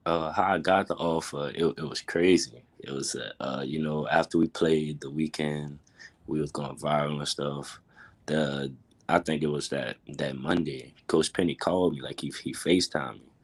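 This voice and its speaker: Teen male interviewee, New Orleans accent, very low husky voice, laid-back short answers. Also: fairly even intonation, moderate pace. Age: teens. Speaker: basketball recruit.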